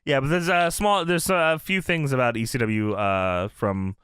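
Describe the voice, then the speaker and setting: A man co-hosting a podcast in casual chat, profane and quick to laugh, often acting out what people said. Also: mid-range voice, smooth, no echo, clean studio sound. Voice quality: animated, profane, laughs often, acts out quotes. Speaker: podcast co-host.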